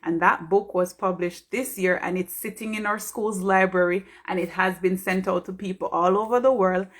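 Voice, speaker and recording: A woman's voice: mid-range voice, steady tone, normal speed, a bit bright. A woman from Jamaica, a pharmacist giving an earnest, heartfelt motivational talk on a live stream.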